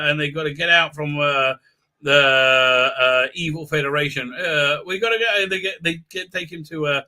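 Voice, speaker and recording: A man rambles through a live stream recap, full of "uh"s and mocking impressions. His voice sits high and rings very bright. He bursts into sound effects and mock voices. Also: a little slow. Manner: animated, mocking, acts out scenes with silly voices and sound effects; many hesitation fillers.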